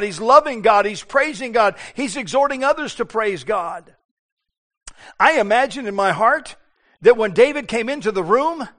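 Male preacher, high-pitched, fervent sermon delivery with dramatic hushes. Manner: impassioned, shifting between hushed and loud, acts out biblical voices.

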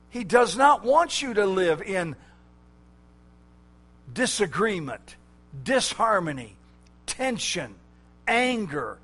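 A man preaching a sermon, slow and emphatic, drawing out key words. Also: sits high, a bit bright.

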